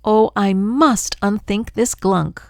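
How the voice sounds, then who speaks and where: A woman's voice: deep voice, wildly swooping pitch, takes it slowly, gravelly, a bit bright, no room sound, studio quality, exaggerated voice. A grandmother voicing a shrieking panicky little girl. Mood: frantic. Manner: shrieking, frantic. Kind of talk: storybook read-aloud.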